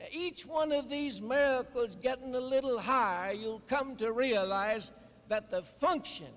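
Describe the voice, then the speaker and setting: A man with a very high voice delivers a sermon at an unhurried, drawn-out pace. He tells his stories deliberately and leans on key words for emphasis. His voice rings out with a long reverb, as in a large hall. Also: fairly bright tone. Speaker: preacher. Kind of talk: sermon address.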